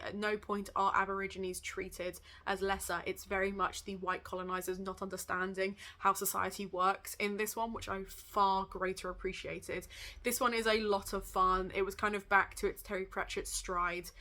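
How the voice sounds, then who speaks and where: A young woman with an English accent talks through her recent reading in a loose, chatty way. Her voice is bright and sharp, and she hurries along with a self-aware laugh here and there. It sounds like a relaxed home recording. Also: medium pitch. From England. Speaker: book vlogger. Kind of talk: casual book wrap-up chat.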